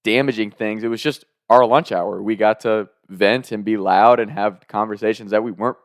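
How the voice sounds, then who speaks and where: Animated young man telling a story. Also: fairly low pitch, normal speed, dry recording, clean studio sound. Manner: animated, acts out quotes with sudden loud outbursts. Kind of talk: casual storytelling.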